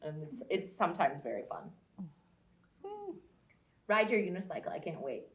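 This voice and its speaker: A middle-aged woman telling lively anecdotes in casual conversation, acting out what others said. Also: low voice, normal speed. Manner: animated, acts out quoted people in a raised voice. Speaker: guest, social media creator. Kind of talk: casual storytelling.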